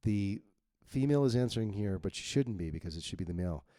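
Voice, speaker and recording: A man's voice: on the low side, animated, fast, warm tone, no echo, studio quality. A man editing his own novel on screen, thinking aloud bluntly and reading his draft lines to test them. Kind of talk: casual screen-recorded editing walkthrough.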